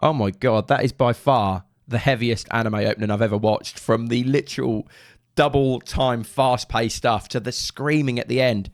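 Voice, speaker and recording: A man's voice: mid-range voice, steady tone, normal speed, hardly any pauses. A young man with a Suffolk accent talks casually and rambles while he reacts to music, humming drum rhythms in between. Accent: Suffolk English. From England (Suffolk). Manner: chatty and rambling, enthusiastic bursts, hums drum rhythms. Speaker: drummer reacting to anime openings. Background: faint music from the videos.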